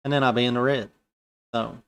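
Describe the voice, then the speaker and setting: A man's voice: mid-range voice, steady tone, brisk, gravelly, fairly bright tone, smooth. A man giving casual live commentary while day trading futures, thinking aloud in loose, colloquial speech.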